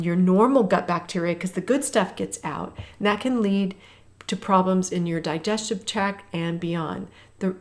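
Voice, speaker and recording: A woman in her fifties with a mid-range voice coaches a walking workout, talking and calling out the intervals while on the move. Now and then she gets slightly winded.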